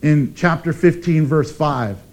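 A man preaching a sermon as pastor, emphatic and animated, with dramatic pauses. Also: fairly high pitch.

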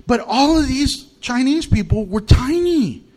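A man's voice: extremely high pitch, lively intonation, unhurried, a little mellow. An American male pastor preaching a humorous sermon, telling stories with animation and laughing at his own jokes. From United States.

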